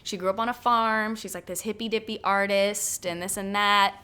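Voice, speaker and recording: A woman in her late twenties co-hosting a podcast, chatting in a lively way and telling stories with frequent laughter. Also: mid-range voice, normal speed, clear, resonant tone. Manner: lively, laughs often, animated storytelling. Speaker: podcast co-host. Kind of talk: casual chat.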